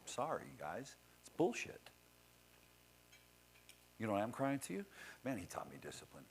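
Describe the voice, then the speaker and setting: Man, very low voice, blunt and profane motivational storyteller, faint hiss behind. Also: big pitch swings, fast talker, rough recording. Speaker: speaker introducing the next speaker. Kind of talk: motivational talk to an audience.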